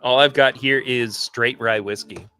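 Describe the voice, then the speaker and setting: A man's voice: mid-range voice, fairly even intonation, a little slow, sharp tone, clear, resonant tone, faint music behind. A man hosting a casual livestream podcast, chatting enthusiastically through tasting notes and rambling with restarts. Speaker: podcast host.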